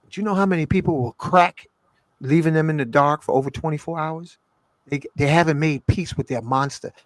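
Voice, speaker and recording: A man co-hosting a casual spiritual talk, speaking in an emphatic, slangy way that swings from soft to loud. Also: on the high side, brisk, no room sound.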